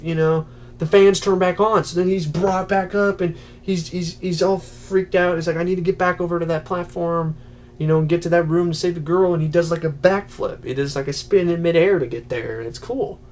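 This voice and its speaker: A man giving a casual, rambling spoken film review, full of fillers and quick acted-out quotes. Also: high-pitched, steady tone, a little mellow. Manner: rambling, many "you know" fillers, acts out quotes. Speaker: movie reviewer.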